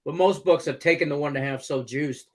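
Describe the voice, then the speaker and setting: A man's voice: on the high side, brisk. A middle-aged man co-hosting a sports betting show, chatting in a laid-back, rambling, jokey way. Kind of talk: casual sports betting chat.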